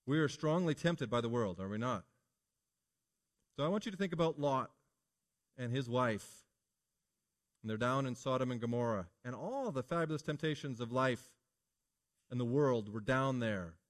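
A middle-aged man preaching a sermon in a relaxed, conversational way, telling stories and asking rhetorical questions. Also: mid-range voice, normal speed, pauses often.

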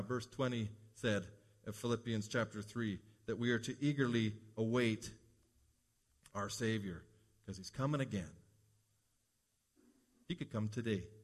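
A man preaching a sermon as pastor, earnest and rising to emphatic peaks. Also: lowish voice.

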